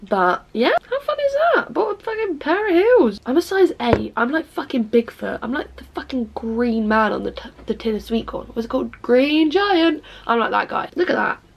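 A young English woman vlogging in casual chat, self-mocking and swearing often, sometimes slipping into song. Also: fairly high pitch. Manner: bursts into snatches of song. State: tired, low-voiced at night.

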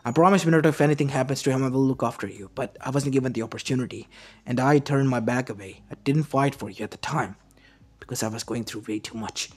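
A man's voice: mid-range voice, quick pace, lightly acted. A man voicing an earnest guilt-ridden scientist. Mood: remorseful. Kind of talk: fan story narration. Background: faint lo-fi music.

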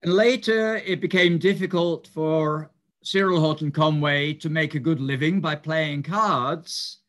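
An older man giving a reminiscing lecture, speaking in a measured, explanatory way with some hesitant fillers. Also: on the high side, fairly bright tone. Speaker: mathematician giving a talk.

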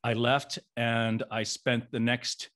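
A man's voice: mid-range voice, level tone, slow, a bit bright. Chatty playful male podcast host. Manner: playful, chatty, rambling with restarts. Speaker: podcast host interviewing guest actresses. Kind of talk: casual interview chat.

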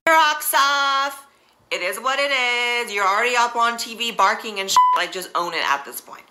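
A woman's voice: a little high, lively intonation, moderate pace, sharp tone, low-quality recording. A woman giving sarcastic, mocking commentary in a video. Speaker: commentary youtuber.

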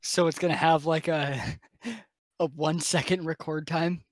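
A laid-back young man co-hosts a tech podcast. His voice is a little higher than usual for a man, and he laughs easily and hesitates often. The sound is dry and close, with no room echo. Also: steady tone, measured pace. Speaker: podcast co-host. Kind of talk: casual tech podcast chat.

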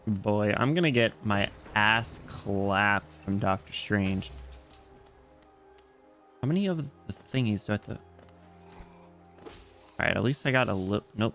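During a casual gaming livestream, this young VTuber rambles and jokes with his chat while playing. He has a fairly low, gravelly voice with a slightly bright edge.

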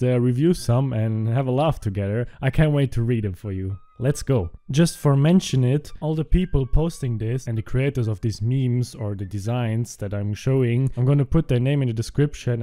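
A man's voice: mid-range voice, warm tone. Giggly young man reading jokes. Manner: giggly, laughs at his own readings. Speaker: meme-reading video host. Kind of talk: casual commentary reading jokes aloud.

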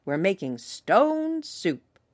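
A woman voicing a boastful, cheerful male traveling cook who announces loudly in a sing-song way. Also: mid-range voice, very animated, takes it slowly, voice pushed up.

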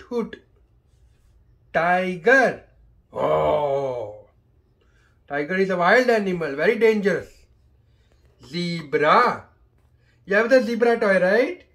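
Slow, high-voiced Indian man reading aloud. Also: fairly bright tone. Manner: slow, sing-song, imitates animal sounds. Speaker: parent reviewing a board book. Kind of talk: reading a picture book aloud to a toddler.

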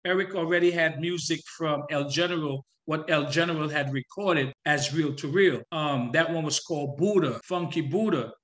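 Animated man telling his story, higher voice. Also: moderate pace, hardly any pauses. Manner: animated, breaks into singing his hooks. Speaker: guest musician. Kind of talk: storytelling interview talk.

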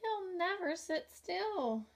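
A woman's voice: very high voice, big pitch swings, slow, creaky, pitched above the performer's own voice, heavily acted. A woman voicing a sleepy, fussy little female ladybug who complains in a storybook read-aloud for children. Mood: complaining. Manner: whiny, complaining.

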